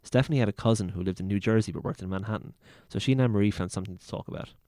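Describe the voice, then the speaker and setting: A man with a very deep voice reads a teen novel aloud in a relaxed, laid-back manner. He sits close to the mic on a dry track with no room sound. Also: very fast, dry recording. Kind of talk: casual read-aloud with banter.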